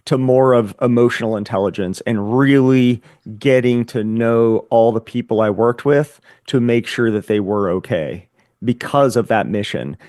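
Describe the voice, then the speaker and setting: A man's voice: mid-range voice, normal speed, darkish tone, no echo, clean studio sound. A man telling his personal story as a podcast guest, earnest and reflective, often repeating words as he gathers his thoughts. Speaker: podcast guest, Air Force veteran.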